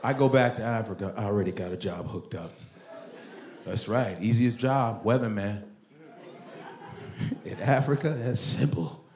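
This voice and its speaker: A man from Nigeria doing stand-up comedy on a club stage, loud, animated and freely swearing. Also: on the low side, moderate pace. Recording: echoey club with crowd noise.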